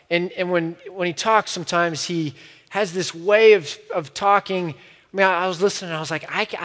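A man's voice: high voice, fairly bright tone, long reverb tail. A male preacher giving a sermon in a conversational way, with frequent restarts.

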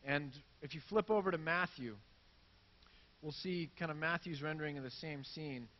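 A man's voice: on the high side, moderate pace, a little hiss or hum. Conversational man preaching, lo-fi sound. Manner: casual, conversational preaching with animated retellings. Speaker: pastor. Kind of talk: sermon.

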